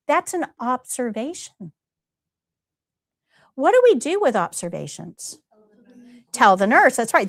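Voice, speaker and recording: A middle-aged woman teaching a nursing prep class live, her voice sitting a little high. She hammers key points home, repeats them and quizzes the class. The sound is dry and close, with no room echo. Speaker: nursing instructor.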